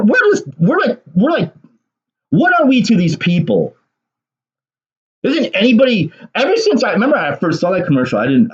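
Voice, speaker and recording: A man's voice: on the high side, husky, muffled recording. A man giving a ranting solo political commentary, sarcastic and agitated, swearing and laughing bitterly.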